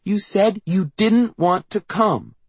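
A small, stubborn girl close to tears, voiced by a man, rising high and insistent. Her pitch climbs far above a grown voice, with a husky edge. The sound is dry and close. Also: slow pace, dry recording, heavily acted. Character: tearful stubborn little girl.

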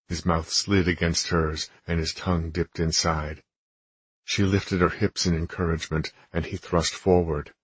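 Deep, husky male audiobook narrator. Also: little pitch movement, measured pace, no echo. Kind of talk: scripted narration.

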